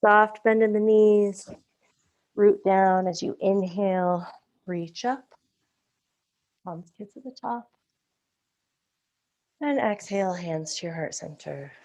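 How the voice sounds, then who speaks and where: A woman leading a live-streamed yoga class, calmly cueing breaths and poses, a little out of breath, heard over a video call. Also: mid-range voice, slow pace, long pauses. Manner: calm breath-paced cueing, occasional self-corrections. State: slightly out of breath. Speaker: yoga instructor.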